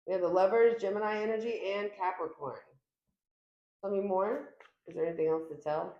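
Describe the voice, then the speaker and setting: A woman gives a casual tarot reading straight to her camera, chatty and emphatic. Her voice sits at a middle pitch. The small room around her sounds echoey. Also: fairly even intonation, fairly quick, muffled recording. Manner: chatty, emphatic, acts out quoted lines with big pitch jumps. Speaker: tarot reader.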